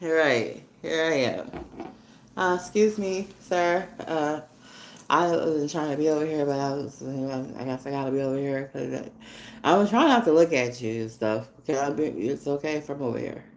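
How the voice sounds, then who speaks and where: A woman hosting a podcast, telling stories in a loose, slangy, laughing way that swings between loud and quiet. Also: sits low, normal speed, slight background noise. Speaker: podcast host. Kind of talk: casual storytelling monologue. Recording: echoey room with faint ambience.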